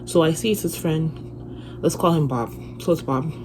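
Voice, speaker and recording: A young woman chatting through a storytime on her phone, profane and animated as she retells it. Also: deep voice, moderate pace, faint music behind. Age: young adult. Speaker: vlogger. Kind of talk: casual storytime vlog. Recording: noisy phone recording with room ambience.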